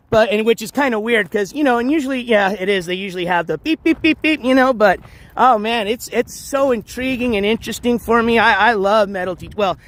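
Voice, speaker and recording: A man's voice: high-pitched, brisk, a bit bright. A man live-streaming outdoors on a trail, chatting casually to viewers with lots of fillers and restarts while walking.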